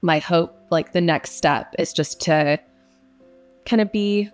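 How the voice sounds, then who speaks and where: A woman's voice: lowish voice, slow pace, faint music behind. A young woman who narrates audiobooks, answering interview questions in a casual, reflective way with frequent fillers.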